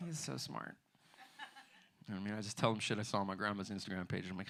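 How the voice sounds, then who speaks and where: Gravelly-voiced man doing stand-up. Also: on the low side, fairly even intonation, fast talker, background noise. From United States. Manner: loose, conversational, frequent "you know what I mean". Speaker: stand-up comedian. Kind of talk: stand-up comedy set. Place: theater bar stage.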